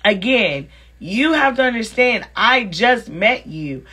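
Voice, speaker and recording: Husky-voiced woman telling a story with sass. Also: a little high, slow pace. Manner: animated, sassy and blunt. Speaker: vlogger. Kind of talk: casual storytelling to viewers.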